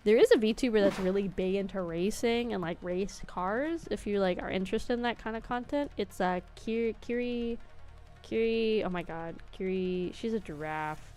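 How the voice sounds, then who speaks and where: A woman's voice: mid-range voice, normal speed, a little mellow, soft background music. A woman VTuber streamer chatting casually while playing, rambling with lots of fillers, laughing often and swearing.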